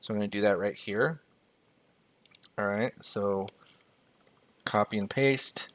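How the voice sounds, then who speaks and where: A man's voice: lowish voice, takes it slowly. An American-raised man mentoring on personal finance, walking through a spreadsheet in a loose, joking way and reading numbers aloud as he types them. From United States. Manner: casual and jokey, reading figures aloud as he types. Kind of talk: screen-share spreadsheet tutorial.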